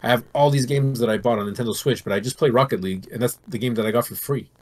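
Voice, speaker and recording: A middle-aged man on a podcast, talking casually in a rambling, animated way about a show and games he loves. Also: medium pitch, quick pace. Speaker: podcast co-host. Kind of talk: casual chat.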